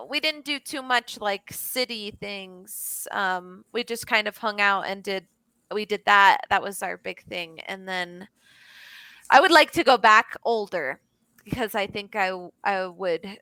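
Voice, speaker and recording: Bright chatty young woman tutor. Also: medium pitch, takes it slowly, clear, resonant tone, no echo. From Florida. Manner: chatty, many fillers and restarts. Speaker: English tutor. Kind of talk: casual online lesson chat. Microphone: video call.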